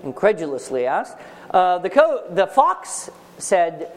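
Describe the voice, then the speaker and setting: A man's voice: sits high, sing-song, slow pace. A man leads a writing workshop for home-schooling parents before a live audience in a seminar room. He talks in an emphatic, joking way and keeps quizzing the crowd for answers. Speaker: writing teacher.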